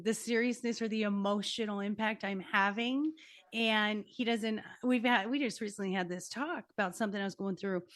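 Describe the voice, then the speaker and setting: A woman's voice: on the high side, a bit bright, no echo, studio quality. A woman hosting a podcast interview, a life coach who talks with energy and emphasis. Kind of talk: conversational interview.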